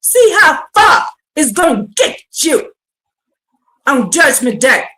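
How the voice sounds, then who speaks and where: A woman preaching a livestreamed sermon, fervent and building to shouted exhortation. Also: high-pitched.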